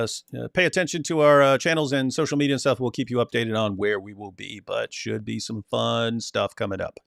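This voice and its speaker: A man's voice: medium pitch, creaky, a bit bright, dry recording, clean studio sound. A man co-hosting a casual reaction chat, telling stories and acting out the lines of others. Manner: storytelling, acts out quoted dialogue. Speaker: co-host.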